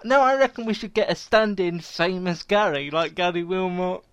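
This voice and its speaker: A man hosts a casual podcast in a slightly higher voice, chatty and jokey. He is recorded dry on a close mic. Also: normal speed, clean tone, no room sound. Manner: chatty, jokey, laughs often. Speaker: podcast host and website editor.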